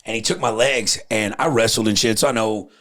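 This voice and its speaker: A man in his thirties, a podcast host and comedian, telling crude stories in an animated, profane way. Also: fairly low pitch, a little fast. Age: 30s. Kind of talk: casual chat.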